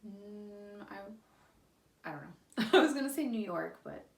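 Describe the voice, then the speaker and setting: A woman's voice: mid-range voice, animated, slow pace, gravelly, distant mic. A woman co-hosting a casual podcast, rambling and giggly as she jumps between topics. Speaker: podcast co-host. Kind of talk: casual chat. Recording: echoey room, voice a bit off-mic.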